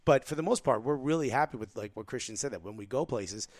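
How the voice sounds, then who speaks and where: A man's voice: medium pitch, quick pace, no room sound. A man from New Jersey co-hosting a podcast, blunt and heated in casual chat, swearing freely. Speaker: podcast co-host.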